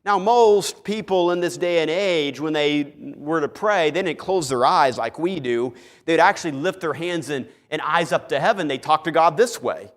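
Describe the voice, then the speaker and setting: Male pastor, fairly high voice, animated sermon, long church reverb. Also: moderate pace. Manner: animated storytelling, acts out characters. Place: church sanctuary.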